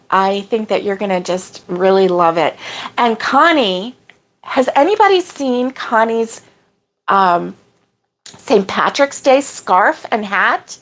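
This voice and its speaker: Woman, crochet stream host, chatty, reads comments aloud with drawn-out exclamations. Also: fairly high pitch. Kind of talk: casual chat reading viewer comments.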